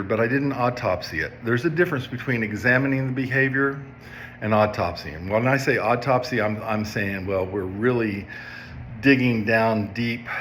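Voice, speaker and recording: A man's voice: on the low side, a bit bright, a little hiss or hum. A man in his fifties, a substance abuse counselor, telling a personal story to viewers in a conversational way, often checking in with "okay?". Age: 50s.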